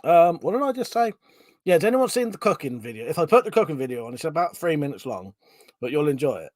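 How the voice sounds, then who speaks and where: A man's voice: fairly high pitch, sing-song, quick pace, a little mellow, no room sound. A man hosting a livestream, chatting casually and reading viewer comments aloud, laughing often and swearing freely. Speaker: livestream host.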